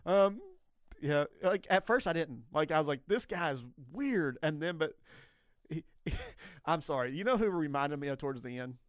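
A man's voice: fairly high pitch, lively intonation, normal speed, dry recording. Chatty male radio host, dry sound. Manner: rambling, self-correcting, laughs often. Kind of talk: casual radio trivia chat.

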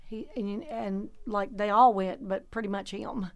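A woman co-hosting a faith show, telling a story in an animated way with rising emphasis. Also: mid-range voice, unhurried, creaky. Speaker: co-host. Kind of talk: casual faith chat.

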